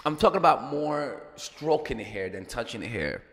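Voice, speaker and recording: Male dating coach, loose profane advice talk, mid-pitched voice, echoey room with a long tail. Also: very animated, normal speed, fairly bright tone. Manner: chatty, profane, repeats words, playful asides. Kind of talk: casual advice monologue.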